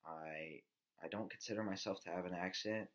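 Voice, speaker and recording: A nineteen-year-old man from the American South with a Southern accent, giving an informal class speech in a halting way with many restarts. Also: deep voice. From Southern United States.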